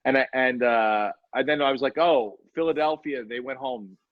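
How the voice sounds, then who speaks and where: A man's voice: mid-range voice, moderate pace, no room sound, narrow, tinny audio. A man in his forties hosting a podcast in casual chat, rambling and profane with self-deprecating asides. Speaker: podcast host.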